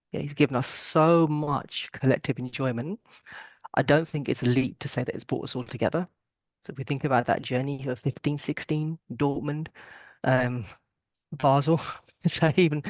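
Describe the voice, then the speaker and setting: A man's voice: on the high side, no echo, clean studio sound. A man hosting a casual podcast over a video call, talking in a rambling, emphatic way. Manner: rambling, emphatic, calls guests bro. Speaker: podcast host.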